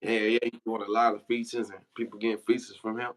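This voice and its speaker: A man's voice: fairly low pitch, level tone, fast talker, a bit bright, poor audio. Laid-back man spinning stories. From Memphis, Tennessee. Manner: profane, laughing, slangy storyteller. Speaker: guest telling stories. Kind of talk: casual storytelling on a livestream.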